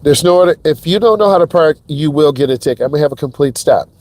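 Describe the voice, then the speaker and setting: A driving instructor talks through each move from behind the wheel, hyped and speaking straight to his viewers. His voice sits a little high for a man and sounds close and dry, with no room echo around it. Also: animated, quick pace, a little mellow. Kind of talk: live driving lesson commentary. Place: inside a car while driving.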